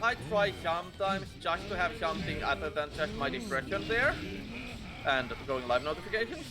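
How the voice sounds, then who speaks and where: Male streamer, fairly high voice, rambly and self-amused, game music loud underneath. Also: animated, normal speed. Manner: rambling, laughs at his own jokes. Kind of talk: casual chat while gaming live.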